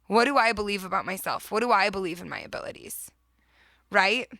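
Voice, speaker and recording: A woman's voice: mid-range voice, a little fast, sharp tone, no room sound. A woman in her thirties hosting a motivational podcast, talking earnestly and with emphasis, often laughing. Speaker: podcast host.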